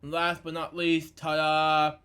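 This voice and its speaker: A man's voice: fairly high pitch, completely flat delivery, measured pace, pushed and bright. A man hosting a casual book review, reading aloud and commenting in a rambling way with fillers and self-corrections.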